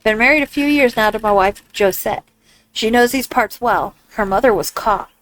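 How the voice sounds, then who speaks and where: A woman's voice: on the high side, moderate pace, fairly bright tone, lightly acted, rough recording. A woman reading the lines of a male frontier ferryman in a video game, trying a put-on accent. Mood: matter-of-fact. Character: male ferryman, frontier river-crossing operator.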